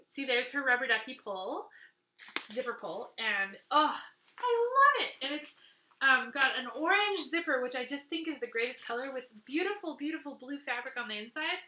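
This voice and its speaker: A high, very bright-voiced woman from Canada chats excitedly to camera as a knitting podcast host. She gushes and laughs easily, and her voice rings around an echoey room at home. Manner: excitable, gushing, laughs often. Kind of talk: casual chat to camera.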